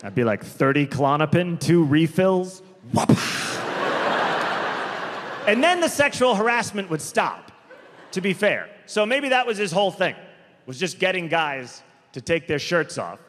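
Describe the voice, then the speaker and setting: His voice sits high and sounds a bit bright and sing-song, moving at a moderate pace. He's doing rambling stand-up storytelling on a theater stage, correcting himself in asides and erupting emphatically, recorded live with long reverb and faint noise.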